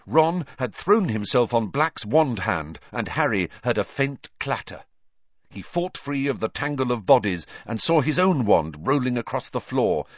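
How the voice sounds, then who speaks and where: A man narrating an audiobook with a dramatic, lively reading. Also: medium pitch, no room sound, highs cut off.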